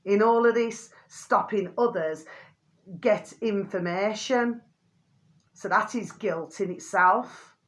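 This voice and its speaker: A woman ranting in a rambling vlog monologue, calling her viewers pet names and swearing mildly. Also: slow pace. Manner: rambling, keeps calling viewers "my delicious little babies"; mild euphemistic swearing, pitch climbs when indignant. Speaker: channel host.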